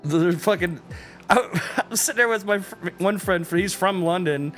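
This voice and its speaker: A man's voice: high-pitched, unhurried, a bit bright, soft background music. A man from the American Midwest chatting casually on a stream, laid-back and profane, telling stories with laughs. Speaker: co-host. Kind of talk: casual chat.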